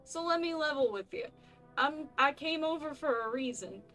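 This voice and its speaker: A woman's voice: sits high, expressive, normal speed, voice pushed up. A woman voicing a friendly, folksy male neighbor with a put-on, vaguely Boston-like accent, talking in a chummy, neighborly way. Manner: chummy, neighborly, a bit loud. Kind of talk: game voice acting.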